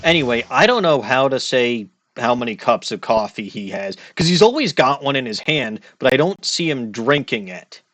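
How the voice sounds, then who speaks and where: A man's voice: mid-range voice, very animated, normal speed, few pauses, a bit bright, dry recording. Rambling Midwestern man commentating a game. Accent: Midwestern American. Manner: rambling, joking, self-interrupting. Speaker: let's play host. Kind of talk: casual gameplay commentary.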